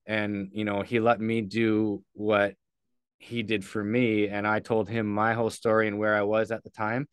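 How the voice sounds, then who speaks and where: A man's voice: lowish voice, little pitch movement, normal speed, smooth, no room sound, studio quality. A man, a podcast guest, telling a story candidly and earnestly, loosely and with casual swearing.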